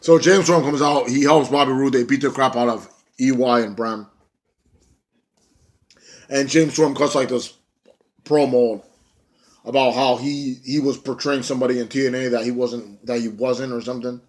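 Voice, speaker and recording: A man's voice: medium pitch, steady tone, normal speed, long pauses. A young man giving a casual wrestling show review, blunt and profane, ranting and mocking.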